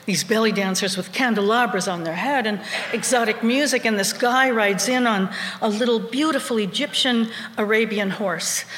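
A woman telling a personal story live to a room, animated and often chuckling. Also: mid-range voice, slight background noise. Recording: echoey hall with reverb.

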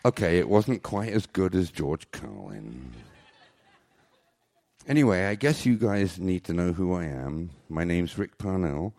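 Gravelly low man telling rambling stories. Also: very animated, unhurried, a little mellow, dry recording. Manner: rambling, joking, self-mocking. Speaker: storyteller. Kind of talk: live comic storytelling. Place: small club on stage.

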